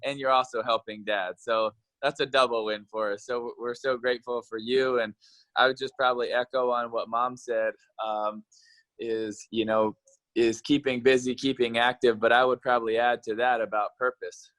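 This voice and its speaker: A man's voice: mid-range voice, little pitch movement, moderate pace, fairly bright tone, no room sound, rough recording. A man in his thirties from Florida, speaking as a guest in an upbeat, earnest way. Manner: upbeat, earnest, talks of purpose and gratitude. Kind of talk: casual conversation.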